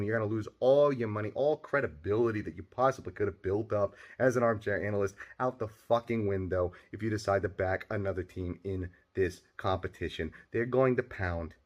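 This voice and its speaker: A man's voice: on the low side, close to an everyday voice. A man voicing a brash, foul-mouthed male sports fanatic with a New Jersey accent, delivering a swaggering trash-talking rant in a recorded video monologue.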